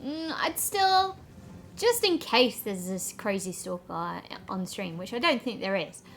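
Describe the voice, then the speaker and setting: A woman co-hosting a game stream, chatting in an animated, playful way. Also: medium pitch, a little slow. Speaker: streamer co-host. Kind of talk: casual chat while playing a video game.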